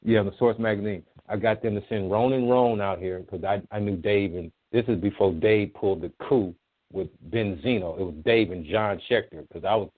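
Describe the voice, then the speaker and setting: A man with a low voice tells old music-business stories as a guest. He talks in a casual, profane, animated way and acts out what people said. He comes through a thin, tinny phone line. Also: normal speed. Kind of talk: casual storytelling interview.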